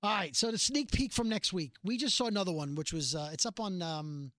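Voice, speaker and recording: A woman's voice: lowish voice, fairly quick, dry recording, clean studio sound. A middle-aged woman co-hosting a podcast, chatting casually and telling stories with emphatic energy. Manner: animated, emphatic storyteller. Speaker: podcast co-host. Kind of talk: casual chat.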